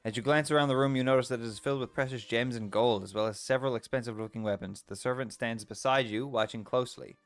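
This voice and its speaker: A man's voice: mid-range voice, fast talker, few pauses, dry recording, soft background music. A man streaming a text adventure game, reading its story aloud and reacting playfully, often laughing.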